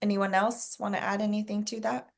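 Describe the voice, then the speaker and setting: A woman leading a casual sales coaching call, talking to a group, asking them questions and clearing her throat often. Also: medium pitch, level tone, a little fast.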